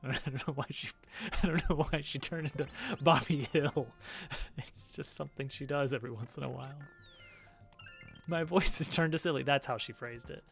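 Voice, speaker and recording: A male streamer talking casually as he plays, relaxed and quick to chuckle. His voice has a bright, forward edge. Faint game music runs under his talk. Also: mid-range voice, gravelly. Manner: relaxed, chuckling, chatty asides. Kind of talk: casual chat while playing a game.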